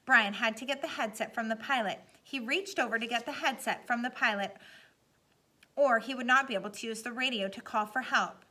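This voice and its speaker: A woman reads a novel aloud in a steady, dramatic way. Her voice sits a little high for a woman and sounds bright and forward, keeping an even, careful pace through the telling. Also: a little fast. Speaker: audiobook narrator. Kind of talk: scripted narration.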